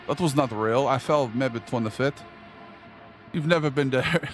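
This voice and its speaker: With game music in the background, a young man streams a video game and jokes with viewers in casual, slangy talk. His voice is medium-pitched and fairly bright, at a moderate pace.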